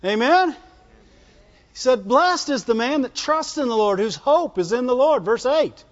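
A man preaches a folksy, call-and-response sermon in a strikingly high voice. The sound is dull and muffled, with a long reverb trailing behind him in a church hall. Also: animated, measured pace.

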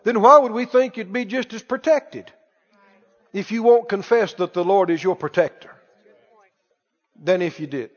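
A man's voice: high-pitched, moderate pace, long pauses. A male preacher delivering a sermon, exhorting and quizzing his congregation. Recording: dull lo-fi, echoey hall.

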